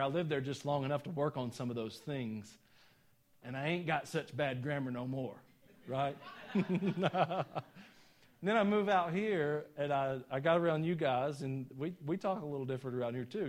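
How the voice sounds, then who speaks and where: Folksy Southern pastor from Georgia. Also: male voice, medium pitch. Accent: Southern US (Georgia, some Tennessee). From Georgia, USA. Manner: folksy, self-deprecating, chuckling asides. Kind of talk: sermon with personal stories.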